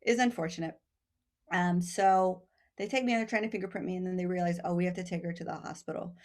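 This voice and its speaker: Laughing often, a fast-talking woman from Texas with a lowish voice tells a long story as a guest on a casual podcast. She animatedly acts out how each person in the tale sounded.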